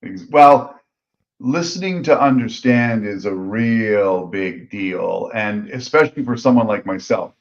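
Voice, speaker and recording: A man's voice: lowish voice, animated, unhurried. A man co-hosting a podcast, talking casually and bluntly, wanting people to get to the point. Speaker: podcast co-host. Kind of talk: casual chat. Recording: dull lo-fi sound.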